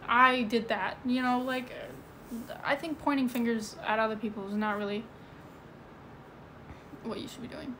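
A woman's voice: fairly high pitch, moderate pace, pauses often, a little hiss or hum. A woman livestreaming from indoors, chatting casually and rambling, with lots of "like" and "you know". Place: indoors at home. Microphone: phone.

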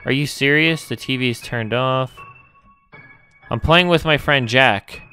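A man's voice: mid-range voice, measured pace, bright, forceful tone, clear, resonant tone, soft background music. A man recording let's play commentary, reading every character's lines in his own voice and exclaiming when startled. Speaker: gamer reading game dialogue aloud.

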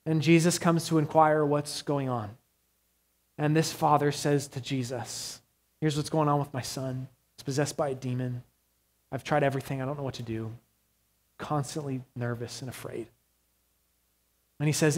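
A man preaching a sermon as pastor, earnest, moving between hushed quiet passages and raised urgent ones. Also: fairly high pitch, normal speed, pauses often.

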